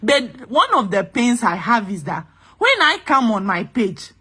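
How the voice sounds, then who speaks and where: Ghanaian woman fired up and ranting on her vlog, kinda husky, pitch jumps all over. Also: big pitch swings, a little slow, sharp tone. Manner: exasperated, emphatic, repeats herself. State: angry. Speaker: vlogger. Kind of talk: impassioned vlog rant.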